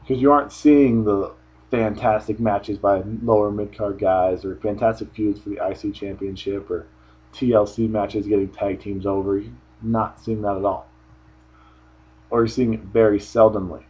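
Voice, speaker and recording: Husky low-voiced man rambling in a review. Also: steady tone, moderate pace, darkish tone, lo-fi sound. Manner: rambling, offhand, frequent restarts. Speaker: wrestling show reviewer. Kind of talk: casual solo review commentary.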